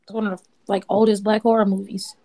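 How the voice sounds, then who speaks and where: A young woman talks on a casual podcast. She is blunt, animated and freely profane. Her voice sits at an ordinary pitch. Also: fast. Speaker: podcast co-host. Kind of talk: casual chat.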